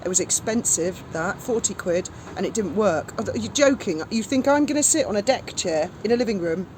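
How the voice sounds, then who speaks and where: A woman's voice: medium pitch, lively intonation, brisk, a little mellow, slight background noise. A woman chatting casually with her husband, cutting in with dry, teasing remarks. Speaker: wife of the vlogger. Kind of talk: casual chat.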